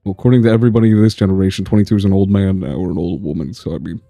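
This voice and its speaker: A man's voice: sits low, fairly even intonation, rapid-fire, creaky, warm tone, dry recording, soft background music. A man streaming a story game, reading its text aloud and commenting with swearing and laughter.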